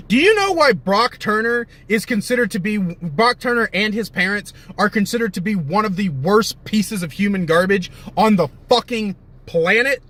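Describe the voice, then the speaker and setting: A man's voice: sits high, pushed and bright. A young man ranting in heated, profane, sarcastic commentary, often stopping to correct himself. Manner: rambling with self-corrections.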